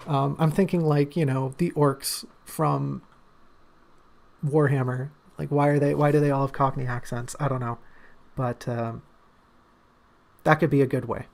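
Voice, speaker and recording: Creaky-voiced man thinking aloud. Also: medium pitch, a little mellow. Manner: thinking aloud, many fillers and restarts. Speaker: writer discussing his draft on stream. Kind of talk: casual livestream talk.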